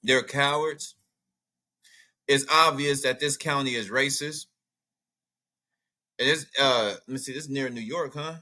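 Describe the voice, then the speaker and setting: Bright-voiced outspoken man commenting. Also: mid-range voice, a little slow, long pauses. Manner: animated, outspoken, thinks aloud while browsing maps and texts. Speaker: commentary channel host. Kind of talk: casual reaction commentary.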